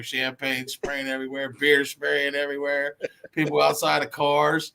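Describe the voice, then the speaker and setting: Excited gravelly-voiced man. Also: mid-range voice, normal speed. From Cincinnati area. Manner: animated storytelling, says man a lot. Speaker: caller on live video chat. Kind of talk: excited casual chat.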